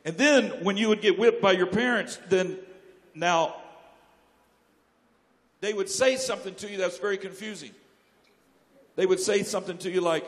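A man preaching a sermon, telling jokes and stories and breaking into sudden loud outbursts. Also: sits high, normal speed, pauses often. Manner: joking, animated storytelling with sudden loud outbursts. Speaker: pastor. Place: church sanctuary. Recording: long church hall reverb.

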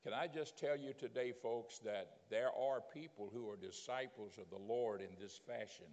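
A man preaching a sermon as a bishop, telling scripture stories in a plain, homely way with frequent pauses and "uh"s. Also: medium pitch, a little mellow, big-room sound. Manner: plain-spoken storytelling preaching with frequent "uh" and drawn-out emphasis.

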